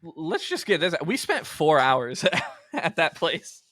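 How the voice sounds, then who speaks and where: Bright-voiced young man telling stories. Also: fairly high pitch, huge pitch swings, measured pace, no room sound, studio quality. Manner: laid-back, quotes himself often with "like". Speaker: podcast co-host. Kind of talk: casual storytelling chat.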